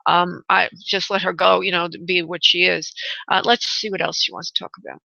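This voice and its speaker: Speaking gently and fairly quickly, a psychic medium radio host gives a caller a live reading, her bright, crisp voice on the low side with a level tone. She calls the caller honey and sweetheart to soothe them. The audio is close and dry without room sound, but with the slightly muffled, dull quality of radio phone-in.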